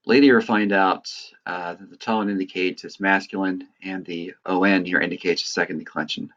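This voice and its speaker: Low-voiced guy explaining grammar to students, laid back, muffled recording. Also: moderate pace. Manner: relaxed, explanatory, with frequent "uh" and "right". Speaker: Greek teacher. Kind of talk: recorded lecture.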